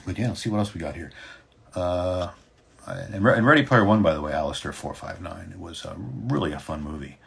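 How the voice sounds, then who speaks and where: Deep, husky man in his fifties chatting. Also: brisk. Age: 50s. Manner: relaxed, rambling, many fillers. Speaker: voice actor hosting a fan Q&A. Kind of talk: casual livestream chat.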